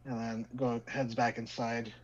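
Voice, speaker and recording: Man running a tabletop game, mid-pitched, loose halting narration, dull lo-fi sound. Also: flat delivery, a little hiss or hum. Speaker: game master.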